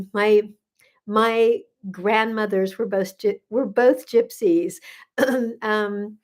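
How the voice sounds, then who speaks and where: An older woman who is a gut health coach, hosting a casual livestream and effusively greeting viewers by name with drawn-out hellos. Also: medium pitch, steady tone, a little mellow. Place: home in Santa Barbara.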